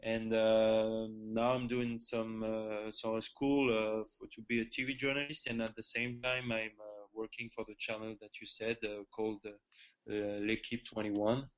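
A hesitant man in his thirties with a French accent speaks English as a second language in a flat, even tone. The sound is a little dull, and he stumbles and restarts as he talks. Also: lowish voice, unhurried. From France. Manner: hesitant, many restarts and fillers. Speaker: guest, former tennis pro.

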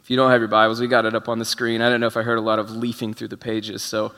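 A male pastor gives a relaxed, conversational sermon full of storytelling and little chuckles. His voice is bright and forward. It rings out with a long reverb through a church sanctuary. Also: lowish voice, rapid-fire. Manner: casual, self-deprecating, chuckling storyteller.

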